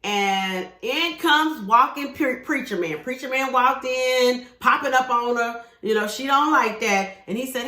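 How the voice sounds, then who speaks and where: A woman reviews a TV episode in a relaxed, gossipy recap. She talks to her viewers with sassy asides, in a voice a bit higher than most. The room around her is echoey. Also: normal speed. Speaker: TV show reviewer.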